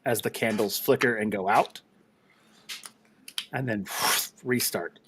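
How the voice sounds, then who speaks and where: A man narrating as game master of a tabletop role-playing game, unhurried and descriptive. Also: fairly low pitch, fairly bright tone, slight background noise.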